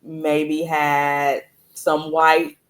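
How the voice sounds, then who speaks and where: A woman, hosting a casual conversation and telling stories in a relaxed way. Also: low voice, extremely slow. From Louisiana, USA. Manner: relaxed storytelling, frequent "like" fillers. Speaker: host.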